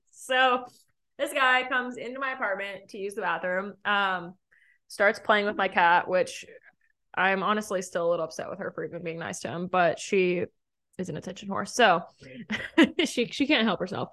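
A woman's voice: mid-range voice, normal speed, sharp tone. A young woman in her twenties hosting a podcast, telling a dating story in a chatty way, laughing often and saying "like" a lot. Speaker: podcast host. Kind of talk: casual storytelling.

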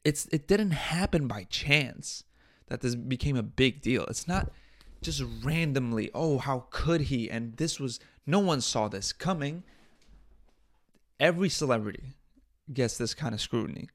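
A man's voice: mid-range voice, expressive, unhurried. A man hosting his own podcast, talking bluntly and profanely in a casual, exasperated rant. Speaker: podcast host.

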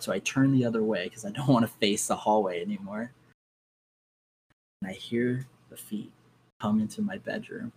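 Young man telling ghost stories, low voice. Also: creaky, slight background noise, low-quality recording. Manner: animated storyteller, acts out his own reactions. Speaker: guest. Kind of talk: casual ghost story telling.

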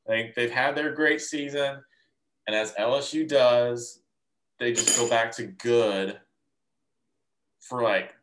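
A man's voice: mid-range voice, fairly even intonation, slow pace, pauses often, fairly bright tone. A man co-hosting a sports podcast in casual chat, stating firm picks and sometimes restarting his sentences.

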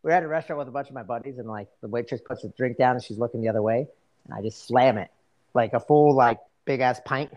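A man's voice: medium pitch, fast talker, darkish tone, muffled recording. A middle-aged man co-hosting a podcast, chatting casually and telling easygoing, laughing anecdotes. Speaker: podcast co-host. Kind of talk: casual chat.

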